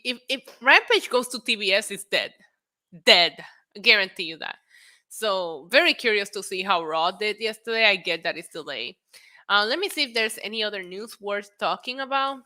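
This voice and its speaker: Woman, New York accent, casual wrestling stream host, bright tense voice, swears, laughs a lot. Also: mid-range voice. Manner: chatty, swears freely, laughs often, reads chat aloud. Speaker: wrestling talk show host. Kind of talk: casual livestream chat reading news and chat.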